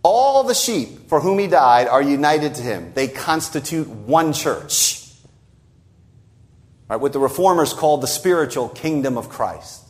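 A man preaching an expository sermon, stressing key phrases and quoting scripture slowly for emphasis. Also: very animated. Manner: emphatic, rising on key phrases and dropping low at the ends of lines; repeats words for stress and quotes scripture in a slowed voice.

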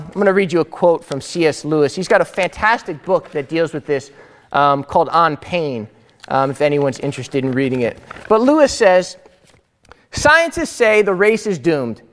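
Lively young man lecturing in echoing room. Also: sits high. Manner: animated, conversational, often tags "right?". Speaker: teacher. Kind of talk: storytelling lecture.

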